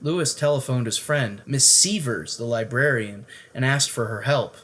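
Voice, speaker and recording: A storyteller reading a bedtime picture book aloud with an expressive delivery. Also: mid-range voice, normal speed.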